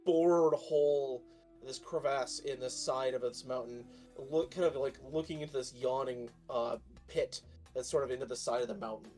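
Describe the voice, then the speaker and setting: A man narrating as game master of a tabletop game, talking in a halting way with many fillers, over a stream with faint music behind. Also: mid-range voice, warm tone.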